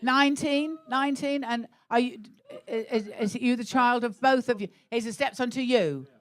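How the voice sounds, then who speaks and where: A woman's voice: a little high, normal speed. A middle-aged woman doing live stand-up in a comedy club, blunt and sweary, teasing audience members about their relationships. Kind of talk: live stand-up crowd work.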